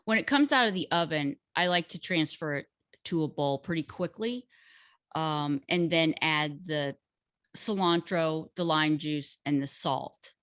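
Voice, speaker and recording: A woman in casual chat, explaining a home recipe step by step in an unhurried, hesitant way with many fillers. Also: low voice, a bit bright, no echo, studio quality. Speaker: guest cook sharing a recipe.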